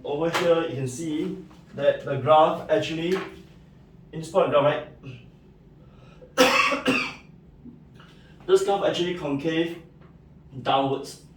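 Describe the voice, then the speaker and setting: In a recorded math lecture, a man with a higher-than-average voice works through the material step by step, checking in with "right?" and "okay." The room echoes, the mic is distant, and there's slight background noise.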